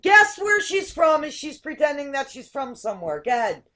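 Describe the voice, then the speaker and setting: A woman's voice: sits high, big pitch swings, normal speed, pushed and bright. A woman from Canada hosting a casual group video chat, chatty and giggly, often restarting her words. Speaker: host.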